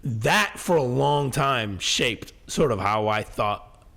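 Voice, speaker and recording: A middle-aged man co-hosting a podcast, telling a long story in casual chat, animated and profane, full of fillers and restarts. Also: mid-range voice, takes it slowly, creaky. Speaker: podcast co-host.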